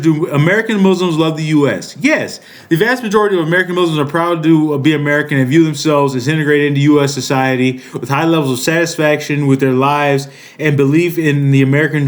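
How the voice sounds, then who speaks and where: A man in his thirties giving heated political commentary, profane, rambling and indignant. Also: on the high side. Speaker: political commentary channel host.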